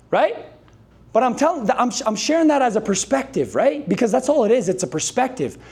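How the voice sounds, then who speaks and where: High-voiced hype man coaching a sales crowd. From Canada. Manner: energetic, hype-driven, calls on the audience to answer and repeat. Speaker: sales trainer. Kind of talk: motivational speech to a live sales team. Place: dealership meeting room with a live audience.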